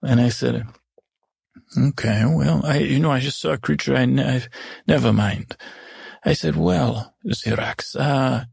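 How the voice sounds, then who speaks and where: A man voicing an older stepmother who was cruel in the past, recounting her adventures in a gravelly, husky voice. She rambles and stumbles, correcting herself mid-sentence in an improvised comedy. The sound is dry and close. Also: medium pitch, a little mellow, no room sound, exaggerated voice. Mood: rambling. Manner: rambling, halting and self-correcting. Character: Agatha, older stepmother, once cruel, now remorseful. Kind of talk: improvised first-person storytelling.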